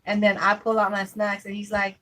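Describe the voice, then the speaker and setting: A woman's voice: mid-range voice, completely flat delivery, fairly quick, fairly bright tone, slight background noise, poor audio. A woman vlogging at home, chatting casually and telling stories about her family in an easygoing, laughing way. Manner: chatty, storytelling, laughs easily. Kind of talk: casual chat to camera.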